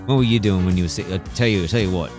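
A man's voice: deep voice, racing. A man hosting a radio show, upbeat and chatty with a guest. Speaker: radio host. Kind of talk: casual radio interview. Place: radio studio. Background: music.

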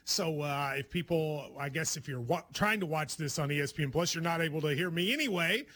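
A man's voice: on the high side, expressive, brisk, sharp tone. A man from Kentucky hosting a sports radio show and podcast, chatting casually and joking with his co-host. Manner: joking, teasing, loose.

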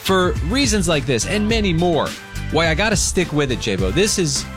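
A man hosting a radio show, trading relaxed, joking banter with his co-host. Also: on the high side, normal speed. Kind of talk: casual on-air banter. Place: radio studio. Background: music bed.

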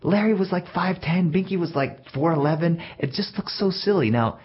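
A male storyteller telling a story from his own childhood in a plain, reflective way with gentle self-mockery. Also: high-pitched, normal speed, husky. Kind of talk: told personal story. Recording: dull lo-fi recording.

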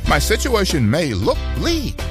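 A man giving a scripted devotional radio reading with a dramatic, expressive delivery. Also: on the high side, measured pace, over music.

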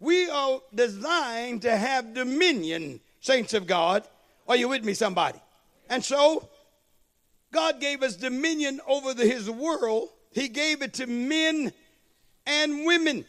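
A man with a strikingly high voice preaches a sermon. He calls out to the congregation and swells into shouted, sing-song phrases as he builds. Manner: call-and-response preaching, rising into shouted, half-sung cadences. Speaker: pastor.

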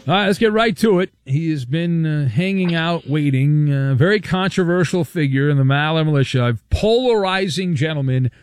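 A man hosting a talk radio show, brisk and wisecracking, reading out listener questions. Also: fairly high pitch, clear, resonant tone, no room sound, faint music behind. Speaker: radio host.

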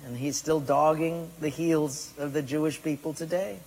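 A man's voice: fairly high pitch, steady tone, normal speed, a little mellow, breathy edge. A man preaching a sermon, putting direct questions to his congregation. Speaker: pastor. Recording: echoey hall with long reverb.

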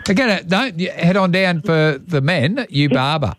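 A man's voice: fairly high pitch, lively intonation, normal speed, a bit bright, slight background noise. A man hosting breakfast radio in casual chat, laughing easily and restarting his sentences.

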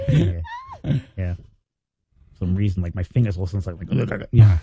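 A man's voice: deep voice, wildly swooping pitch, takes it slowly, long pauses, mellow, breathy edge. A man hosting a morning radio show, bantering playfully and laughing as he reads chatbot replies aloud.

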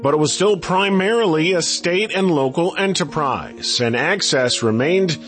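Man, radio co-host, scripted narration, expressive, animated pitch, slightly high. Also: measured pace, faint music behind.

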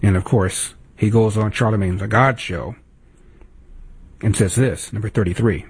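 A man with a gravelly, husky voice hosts a talk show, delivering sarcastic political commentary with mounting indignation. He leans on emphatic repetition and also reads ads in the same voice. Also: on the low side, steady tone, moderate pace. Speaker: radio talk host.

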